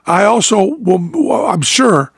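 A man's voice: high voice, big pitch swings, slow, gravelly, husky, dry recording, clean studio sound. A man hosting a podcast, chatting casually and joking, often laughing and hamming up a French accent. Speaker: podcast host. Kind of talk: casual chat.

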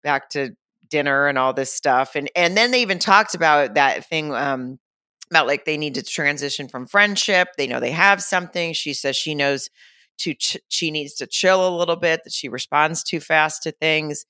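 A woman's voice: low-pitched, normal speed, pushed and bright, smooth, no room sound, clean studio sound. A woman co-hosting a podcast in casual chat, rambling and correcting herself as she talks. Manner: rambling, self-correcting, laughs easily. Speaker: podcast co-host.

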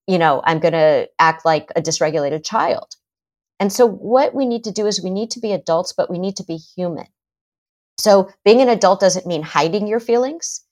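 A middle-aged woman, a psychotherapist, talking in a podcast interview and acting out parents and kids in quick quotes. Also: on the low side. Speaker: psychotherapist guest.

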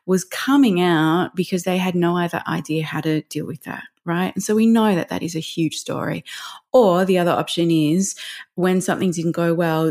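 A woman talking through parenting ideas in a conversational interview, her voice sitting a little low. She explains things earnestly and with emphasis, in the steady manner of a counsellor who has said this to many parents.

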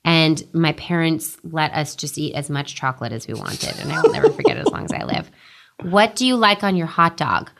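Low-voiced chatty woman, candid interview guest. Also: very animated, brisk, fairly bright tone, a little hiss or hum. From Westchester, New York. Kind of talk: casual interview chat.

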